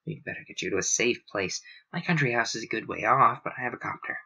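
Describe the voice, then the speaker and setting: A man voicing a wry, kindly male character who talks in a low, gentle way, on a dull lo-fi recording. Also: fast talker, creaky, husky, heavily acted. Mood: urgent.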